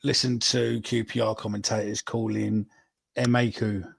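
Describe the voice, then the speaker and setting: Brief: gravelly man, podcast host, crude banter, close dry mic. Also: lowish voice, flat delivery, normal speed, no room sound. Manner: crude, joking, drops "mate" and "innit". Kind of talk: casual banter reading out names.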